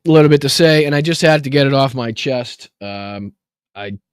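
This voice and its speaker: A man's voice: mid-range voice, normal speed, clean tone, dry recording, studio quality. A man hosting a casual political livestream, rambling and narrating what he is doing on screen. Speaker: show host.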